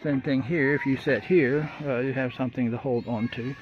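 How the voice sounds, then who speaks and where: A man's voice: mid-range voice, fairly even intonation, moderate pace. Folksy man in an outdoor boat shop. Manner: folksy, rambling, many fillers. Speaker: vlogger building a boat. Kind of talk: casual workshop walkthrough. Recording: dull lo-fi audio, loud roosters and traffic.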